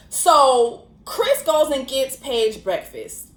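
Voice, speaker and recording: Animated, profane woman vlogger in a roomy space. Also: high-pitched, measured pace, hardly any pauses. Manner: animated, profane, slangy storytelling. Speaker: host. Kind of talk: casual commentary vlog. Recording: roomy echo.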